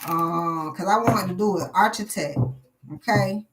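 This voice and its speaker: A woman's voice: mid-range voice, a little slow, noisy background. A woman giving a live tarot reading in a blunt, profane, preachy way. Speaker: tarot reader.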